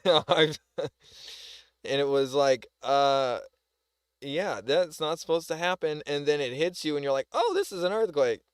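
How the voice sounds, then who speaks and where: A man's voice: on the high side, fairly even intonation, takes it slowly, pauses often, clean tone, no room sound. A man with a Southern US accent, ranting in a rambling, heated way while reacting to a news video on a live stream. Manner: rambling, heated, lots of "like" and "bro". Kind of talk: casual commentary on a news video.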